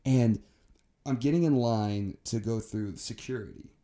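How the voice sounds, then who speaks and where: A man's voice: mid-range voice, a little slow, mellow. A young man co-hosting a podcast in casual chat, ranting heatedly and swearing a lot. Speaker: podcast co-host.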